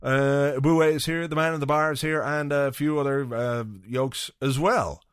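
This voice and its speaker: A podcast host delivers a casual solo monologue, telling a rambling, profane, wry story. His voice is a little high, clear, and resonant, with fairly even intonation at a moderate pace, recorded cleanly in a studio with no echo.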